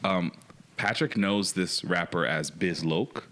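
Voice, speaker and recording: Low-voiced canadian guy hosting, playful, joking with guests. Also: slow pace, a bit bright. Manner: laid-back, laughs often, playful. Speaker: podcast host. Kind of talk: casual podcast chat.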